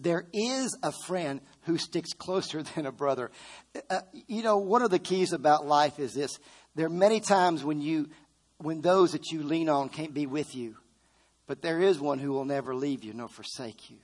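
A middle-aged man preaching a fervent sermon. He calls out to the congregation and repeats phrases for emphasis. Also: on the high side. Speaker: pastor.

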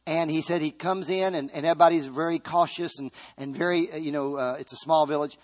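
A man's voice: on the high side, fairly even intonation, fairly quick. A man preaching a sermon, earnestly retelling a story with quoted dialogue.

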